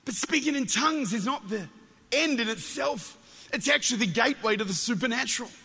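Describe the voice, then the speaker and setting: Australian male preacher, high and very bright, animated storytelling, long church reverb. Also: a little fast, slightly rough. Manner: animated storytelling with jokes, stumbles and repeats words. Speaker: guest preacher. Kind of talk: Pentecostal sermon.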